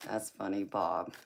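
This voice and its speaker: A woman's voice: a bass voice, creaky, background noise. A woman with a Southern drawl hosting a live tarot stream, chatting casually and teasing viewers. She is from California. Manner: chatty and teasing, laughs often, calls viewers honey and baby. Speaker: livestream tarot reader host.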